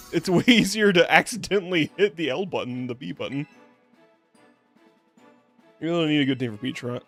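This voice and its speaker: A hoarse young man chatting casually while streaming a video game, rambling, joking at himself and laughing often. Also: a little high. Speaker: VTuber streamer. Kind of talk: casual gameplay stream chat.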